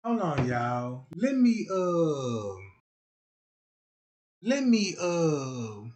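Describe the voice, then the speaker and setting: Male streamer, higher-pitched, loose comedic rambler; loud one moment, muttering the next. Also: big pitch swings, extremely slow. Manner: rambling, keeps asking "you know what I'm talking about"; swings between loud outbursts and low mutters. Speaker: live streamer. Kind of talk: casual comedic rant.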